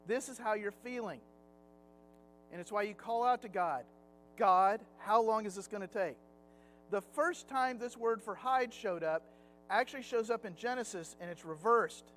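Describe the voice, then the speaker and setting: A middle-aged man with a notably high voice leads a relaxed Sunday Bible lesson in a church classroom. He talks in a chatty, anecdotal way, and a faint hum of music sits under his voice. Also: moderate pace, low-quality recording. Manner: chatty, anecdotal, slips into acted quotes.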